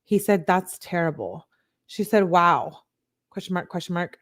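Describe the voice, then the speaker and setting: Speaking a little slowly in a lowish voice with lively intonation, a woman reads text messages for a true-crime commentary. The quotes come out slightly raised, and she interrupts herself with candid, blunt asides.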